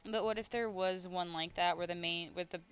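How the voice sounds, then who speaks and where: A woman's voice: lowish voice, steady tone, brisk, fairly bright tone, clean tone, dull audio. Rambling, giggly woman streamer. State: has a headache. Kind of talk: casual chat while drawing on stream.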